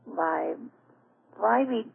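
A woman calling in to a radio show, speaking in a hesitant, halting, heartfelt way. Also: medium pitch, creaky. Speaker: caller. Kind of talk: radio call-in conversation. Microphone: telephone. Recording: tinny phone line with faint noise.

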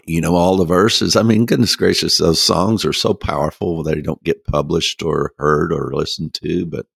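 A man telling a folksy story in a casual interview, halting with many restarts and laughing at himself. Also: low-pitched, creaky, dry recording, studio quality. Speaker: guest.

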